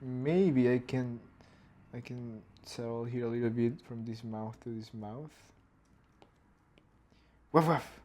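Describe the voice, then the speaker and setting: A man's voice: medium pitch, flat delivery, a little slow, mellow. A man, thinking aloud as he animates and mimicking a dog's barks. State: hoarse throat. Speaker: animator streaming his work. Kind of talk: casual narrated work session.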